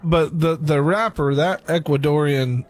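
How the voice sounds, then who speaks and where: A man with a somewhat high voice co-hosts a relaxed chat. He talks freely, teasing the others with a joking edge. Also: unhurried. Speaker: podcast co-host. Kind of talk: casual chat reviewing cigars.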